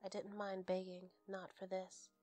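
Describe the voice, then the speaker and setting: A woman narrates a bedtime story in a soft, hushed whisper. Her delivery is steady and very flat, with a medium pitch. Faint music plays quietly underneath. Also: a little slow.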